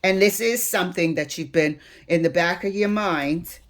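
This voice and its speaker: A woman's voice: on the low side, moderate pace. A woman reading tarot cards, speaking emphatically to spirit as she draws them and building into heated stresses. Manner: emphatic, swings into heated outbursts; addresses spirit while drawing cards. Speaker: tarot reader.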